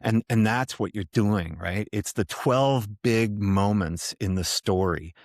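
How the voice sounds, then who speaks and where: A man, an author guest in an interview, telling a story in an animated way with many restarts. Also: on the low side, slow pace, no room sound, clean studio sound. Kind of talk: casual interview talk.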